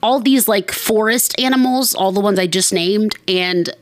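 A woman's voice: medium pitch, a little slow, no room sound. A woman hosting a podcast in casual chat, rambling and poking fun at herself with lots of fillers. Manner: rambling and self-mocking, many fillers. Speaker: podcast host.

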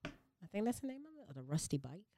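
A laid-back woman with a low voice that rises and falls a lot, chatting and teasing her friend. She drops in fillers as she goes, recorded close and dry. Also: sing-song, fast, warm tone, dry recording. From Savannah, Georgia. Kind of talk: casual chat.

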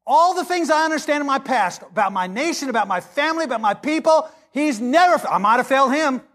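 A pastor delivering a sermon, reading scripture dramatically and preaching with passion. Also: male voice, very high voice, expressive, fairly quick, fairly bright tone.

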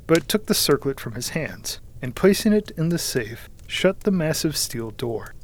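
A man reading a first-person story aloud in a measured, dramatic manner, sometimes sinking to a hushed whisper. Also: mid-range voice. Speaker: audiobook narrator. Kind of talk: scripted first-person narration.

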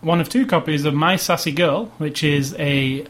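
A man's voice: fairly high pitch, fairly even intonation, normal speed, fairly bright tone. Male podcast co-host, loose rambling delivery, jokey with frequent laughs. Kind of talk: casual chat.

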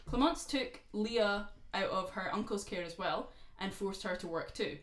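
Brief: sardonic woman storyteller, mid pitch, roomy echo, swears, dark jokes. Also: measured pace. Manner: sarcastic, swearing, dark humor. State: drinking gin. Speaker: podcast co-host telling a true crime story. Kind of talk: casual storytelling chat.

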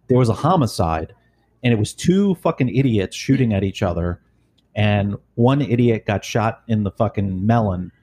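A former police supervisor chatting casually, telling blunt, profane, rambling stories. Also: male voice, on the low side, mellow, a little hiss or hum. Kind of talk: casual storytelling chat.

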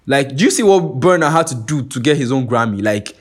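A man's voice: medium pitch, a little fast, slightly rough. Nigerian man in casual podcast talk. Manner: animated and profane, keeps asking "you get what I'm saying". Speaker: podcast host. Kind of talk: casual monologue.

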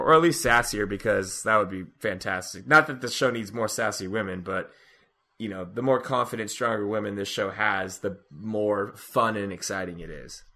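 This podcast co-host has a fairly low, sharp-toned voice and is casually recapping a TV episode. He sounds hesitant, often starting sentences over with a repeated "I."

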